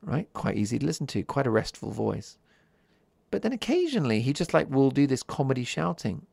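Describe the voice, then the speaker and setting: A man hosting his own podcast in a calm, chatty monologue, keeping his voice soft and easy for listeners drifting off to sleep. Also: medium pitch, fairly quick, gravelly, slightly rough, no echo. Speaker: podcast host.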